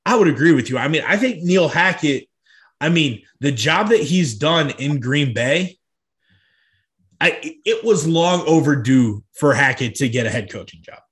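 Man, slightly higher voice, casual sports podcast chat, opinionated, relaxed. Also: measured pace. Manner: relaxed, opinionated, hedging with "like" and "I mean".

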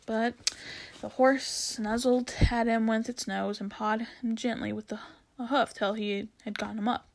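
A woman reading a children's novel aloud at a steady pace, now and then stumbling and restarting a word. Her voice sits a little on the high side. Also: moderate pace, vocal fry, low-quality recording. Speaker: reader.

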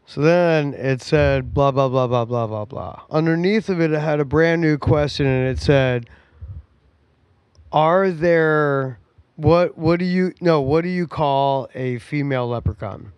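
A man hosting a casual podcast from a home kitchen, rowdy and joking, with plenty of swearing. His voice sits a little high, and he talks at an unhurried, drawn-out pace. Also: clear, resonant tone, dry recording, muffled recording. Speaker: podcast host. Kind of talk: casual chat.

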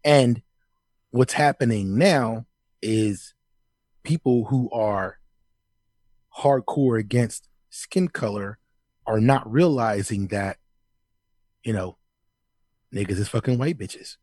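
A middle-aged man co-hosting a casual podcast, telling profane stories in an animated way. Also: fairly low pitch, slow, long pauses, no echo. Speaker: podcast co-host. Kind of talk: casual chat.

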